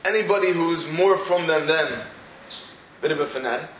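Guy in his 40s teaching a torah class, highish voice, lots of rhetorical questions, echoey room. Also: moderate pace, noisy background. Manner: rhetorical questions, storytelling asides.

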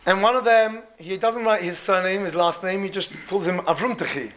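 Male preacher, high voice, lively storyteller who acts out his characters. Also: a little fast. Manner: animated, repeats words, voices the people in the story. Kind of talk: storytelling sermon.

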